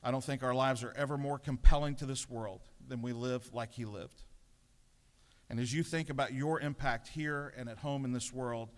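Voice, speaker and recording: A man's voice: medium pitch, steady tone, normal speed. A middle-aged man giving a sermon as a pastor, telling a story with self-deprecating humor. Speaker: pastor giving the morning devotion. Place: large legislative chamber. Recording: long reverb of a large chamber.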